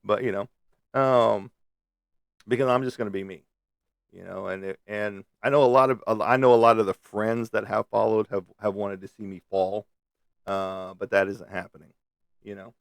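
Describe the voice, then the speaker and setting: A man's voice: lowish voice, fairly even intonation, normal speed, creaky, dry recording. A middle-aged man chatting on a live stream from a room at home, blunt and profane, rambling between topics. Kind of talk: casual live stream chat. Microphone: webcam on a live stream.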